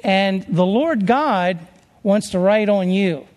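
High-voiced preacher in a reverberant hall. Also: male voice, slow pace, darkish tone. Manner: rambling, conversational, with many restarts and fillers. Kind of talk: sermon.

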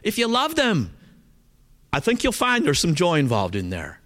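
A man's voice: a little high, moderate pace. A male pastor with a Southern accent preaching a sermon, talking straight to his congregation with frequent check-ins. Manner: animated, talks straight to the congregation with frequent "okay?".

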